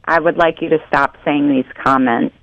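A woman on a radio call, laughing often and gently insisting that her partner change. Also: deep voice, steady tone, normal speed, no room sound, lo-fi sound. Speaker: caller's partner on a radio prank segment. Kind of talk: on-air phone conversation.

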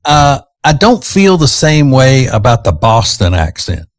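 A man's voice: mid-range voice, sing-song, unhurried, no echo. A man, hosting a morning radio show and chatting in a teasing, opinionated, rambling way. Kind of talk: casual morning-show chat. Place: radio studio. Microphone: studio microphone.

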